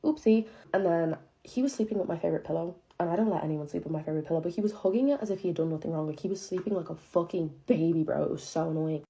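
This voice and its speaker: Young woman, casual storytime, low mellow voice, profane and chatty, dramatic disbelief. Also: rapid-fire, few pauses. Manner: profane, chatty, heavy use of filler "like"; incredulous, dramatic retelling.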